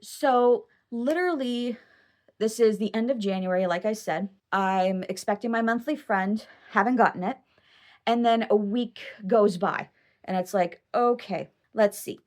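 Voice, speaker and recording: A young adult woman vlogger telling a personal story in a chatty, excitable, rambling way. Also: medium pitch, measured pace. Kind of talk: casual personal storytelling to camera.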